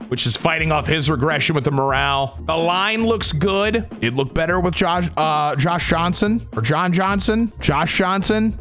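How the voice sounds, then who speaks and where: A man commentating a football video game from his room, yelling at big plays and muttering in between. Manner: swings from loud hype to low muttering. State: sweaty and tired from long recording. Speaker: gaming YouTuber.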